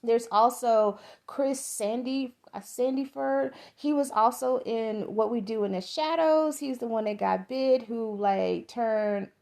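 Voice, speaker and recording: A woman's voice: a little high, takes it slowly, creaky, hardly any pauses, darkish tone. A middle-aged woman from the American South with a Southern accent, giving a rambling, profane, enthusiastic movie review as a podcast host.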